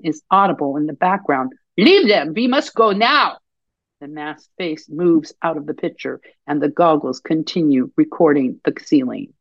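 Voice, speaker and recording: A woman podcast host and author reading her own fiction aloud in a measured storytelling voice. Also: low voice, no echo, highs cut off.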